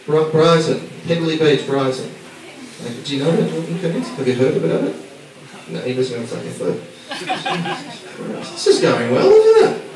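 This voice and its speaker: A man's voice: on the high side, very animated, moderate pace, pauses often, darkish tone. A man from Australia doing a stand-up routine, brash and sweary, teasing the crowd. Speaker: stand-up comedian. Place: small comedy bar. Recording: echoey club from far off, crowd laughter.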